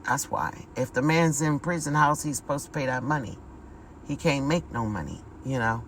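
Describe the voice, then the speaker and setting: A woman's voice: extremely low pitch, moderate pace, a little hiss or hum, low-quality recording. A woman giving a casual spiritual vlog monologue, talking emphatically, repeating words and calling her viewers y'all. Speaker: spiritual vlogger.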